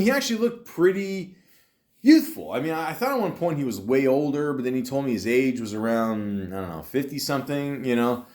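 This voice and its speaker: A man talks casually into a podcast mic, recounting an old job in a loose, meandering way. He swears a lot and keeps circling back with fillers and false starts. His voice sits at an ordinary middle pitch. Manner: rambling, profane, lots of fillers and restarts. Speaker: podcast host. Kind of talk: casual storytelling monologue.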